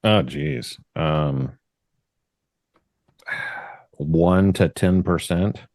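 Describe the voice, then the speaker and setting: Deep-voiced man, measured and explanatory. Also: darkish tone, dry recording. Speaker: Bigfoot researcher guest. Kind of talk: casual podcast chat.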